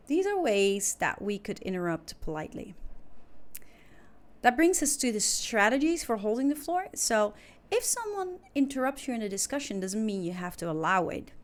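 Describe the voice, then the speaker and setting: A woman's voice: mid-range voice, big pitch swings, normal speed. Patient woman teaching English. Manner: clear, patient, explaining step by step. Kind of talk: recorded online lesson.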